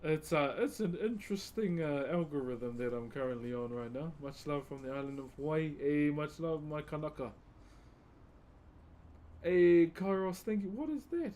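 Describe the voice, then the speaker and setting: Carving wood on a live stream, a relaxed man from New Zealand talks casually with his audience and calls them "bro." His New Zealand-accented voice sits on the high side, mellow and at a moderate pace.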